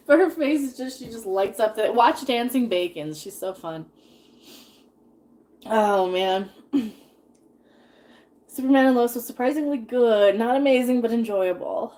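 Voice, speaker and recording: A woman's voice: a little high, darkish tone. A woman in her thirties chatting casually while cooking on a live stream, rambling and laughing often as she reads chat.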